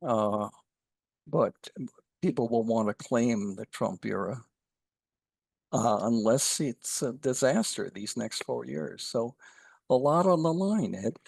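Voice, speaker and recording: A man speaking as a guest commentator on a podcast, halting and full of fillers, telling dry jokes. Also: mid-range voice, animated, vocal fry, a little mellow, breathy edge, dry recording. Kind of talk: casual podcast chat.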